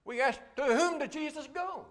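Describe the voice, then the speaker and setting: A man's voice: very high-pitched, moderate pace, a bit bright. A man preaching a sermon, reading scripture and asking rhetorical questions with a repeated refrain.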